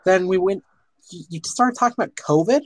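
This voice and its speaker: A young man with a notably high voice chats casually on a podcast recorded over a voice call. He rambles and stumbles over his words, laughing often. The sound is dry and close. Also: brisk, dry recording. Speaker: podcast co-host. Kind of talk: casual chat. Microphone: online voice call.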